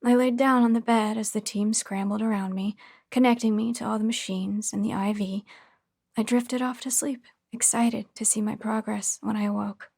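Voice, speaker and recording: Hushed woman narrating horror. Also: fairly high pitch, steady tone, normal speed, vocal fry, slightly rough, no room sound, studio quality. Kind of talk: first-person horror story narration.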